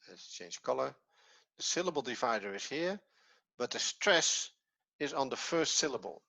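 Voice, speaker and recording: A man's voice: medium pitch, sing-song, normal speed, gravelly, sharp tone. A man with a Dutch accent, his first language Dutch, teaching an online language lesson patiently and step by step with repetition. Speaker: Hebrew teacher.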